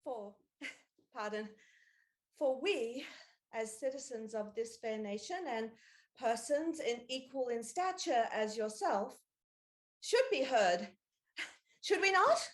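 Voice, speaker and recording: A woman's voice: on the high side, expressive, takes it slowly, pauses often. A woman improvising as a bold suffragette lady, declaiming in mock-Shakespearean speech. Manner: declamatory, old-fashioned speech with thee and thou. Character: bold young suffragette lady, earnest and rousing. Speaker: improv stage actor.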